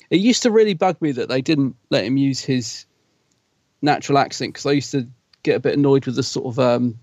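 A man's voice: mid-range voice, vocal fry, darkish tone, no echo. A man from Britain co-hosting a podcast, chatting in a rambling, chatty way with frequent laughs. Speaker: podcast co-host. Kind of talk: casual chat. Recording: dull, lo-fi sound.

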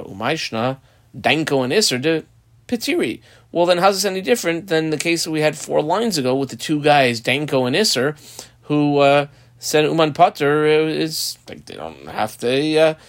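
Animated man teaching a Talmud page. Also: mid-range voice, dry recording. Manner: translates Aramaic line by line, many fillers. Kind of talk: daf yomi Talmud lesson.

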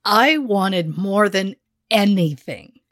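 A woman's voice: mid-range voice, lively intonation, slow pace, no echo, studio quality. A young adult woman co-hosting a podcast, teasing in a playful way, swearing casually, and laughing a lot. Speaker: podcast co-host. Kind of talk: casual chat.

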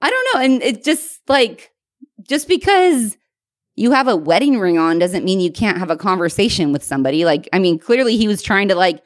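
A female podcast co-host in her thirties chats casually while telling an animated bar story, heavy on "like" with some swearing thrown in. Her medium-pitched voice keeps a moderate pace, captured in studio quality with no room sound.

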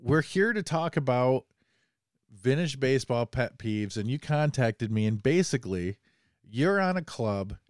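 A man's voice: mid-range voice, lively intonation, a little slow, no room sound, studio quality. A man hosting a casual podcast, joking and rambling as he talks, a bit under the weather. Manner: joking, rambling, self-deprecating. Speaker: podcast host.

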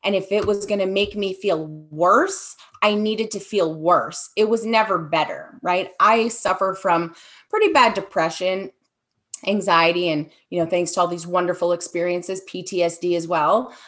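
Candid woman with a lowish voice. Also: fairly bright tone. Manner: candid, halting, many fillers. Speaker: guest sharing her story. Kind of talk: personal testimony interview.

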